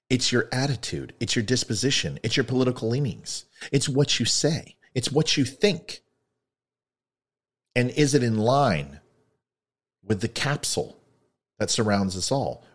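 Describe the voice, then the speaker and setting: A man giving an opinion commentary monologue, sarcastic and ranting, swinging between loud lines and muttered asides. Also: mid-range voice, breathy edge. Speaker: online commentator.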